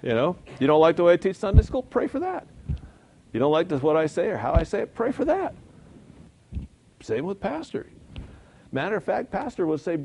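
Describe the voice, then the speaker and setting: A man's voice: high voice, very animated, fairly quick, long pauses, darkish tone, slightly rough. Folksy man teaching a church Bible lesson. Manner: conversational, folksy, chuckles at own points. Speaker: Sunday school teacher.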